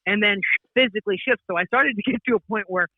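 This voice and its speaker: A woman's voice: mid-range voice, fast talker, dry recording. Woman comedian on a tinny phone line. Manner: rambling, animated storytelling with frequent restarts and laughs. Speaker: comedian guest. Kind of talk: casual podcast chat.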